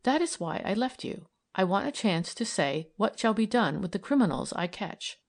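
A woman voicing a calm, kindly young woman detective who speaks gently and earnestly. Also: medium pitch, normal speed.

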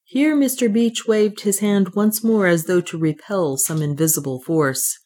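Measured audiobook narrator. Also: mid-range voice, a little mellow. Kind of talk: scripted narration.

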